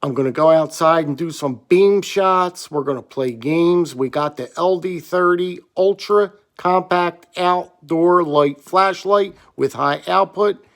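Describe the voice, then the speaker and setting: This is a man with a slightly hoarse, gravelly voice that sits a little high. He tells a rambling story with excitement and loops back over the same points. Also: measured pace, few pauses. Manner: rambling, excitable, repeats himself. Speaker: gear reviewer. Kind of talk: casual storytelling vlog.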